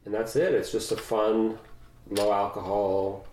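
A young man, a first-time winemaker, chatting casually and technically about his wine with fillers and pauses. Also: lowish voice, flat delivery, darkish tone. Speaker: winemaker guest. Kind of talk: casual chat. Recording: echoey room.

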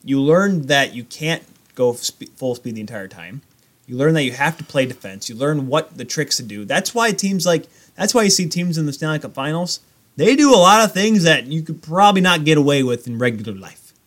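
A man's voice: a little high, brisk. A young man co-hosting a podcast, rambling in casual chat about hockey and goaltending. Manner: animated, rambling hockey talk. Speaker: podcast co-host.

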